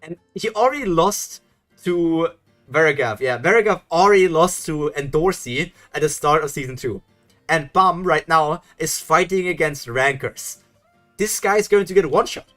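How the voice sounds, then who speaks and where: Young guy reading a webcomic live and reacting, kinda high voice, laughs a lot, trips over his words, faint music behind. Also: normal speed. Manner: excited, laughing, rambling with stumbles.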